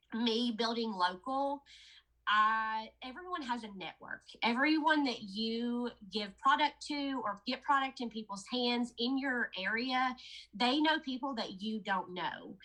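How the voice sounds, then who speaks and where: In a low-quality recording, a woman with a slightly high, bright, and forceful voice pitches a product to her sales team. Her casual training talk is a chatty story, and she addresses them as "you guys."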